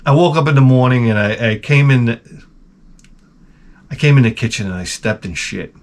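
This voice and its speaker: A man's voice: mid-range voice, normal speed. Rambling, crude man in his forties. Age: 40s. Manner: crude, rambling, self-mocking, jumps into loud animated retellings. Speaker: host. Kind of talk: casual rambling monologue.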